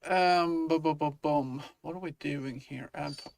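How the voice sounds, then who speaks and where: Working on his game, an indie developer rambles through a casual vlog, thinking aloud with lots of fillers and false starts. He speaks at a measured pace in a fairly high, creaky voice, with a little hiss or hum.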